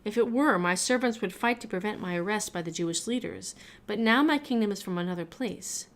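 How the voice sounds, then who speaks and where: A woman reading a calm man on trial. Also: medium pitch, brisk, close to an everyday voice. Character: calm male teacher on trial.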